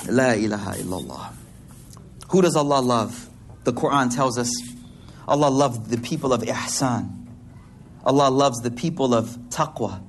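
A man's voice: mid-range voice, moderate pace, slight background noise. A man preaching a sermon to a congregation in a hall, talking in a casual, slangy way with playful asides.

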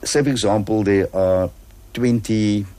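A man with a low, mellow voice, talking patiently on a radio show. He explains step by step, stopping often to check that the listener follows. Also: a little slow. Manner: patient, explains with examples and checks "all right?". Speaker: guest.

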